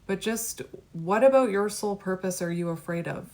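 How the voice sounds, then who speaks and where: A woman's voice: mid-range voice, normal speed, background noise. A woman giving a tarot reading to the camera, musing card by card in a reflective, conversational way. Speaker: tarot reader.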